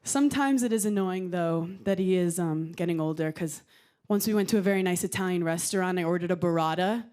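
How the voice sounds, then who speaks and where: A woman in her thirties doing a stand-up comedy set on a television studio stage, with a punchy deadpan delivery. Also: fairly low pitch, fairly quick, hardly any pauses. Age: 30s. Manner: punchy deadpan delivery, acting out quoted voices.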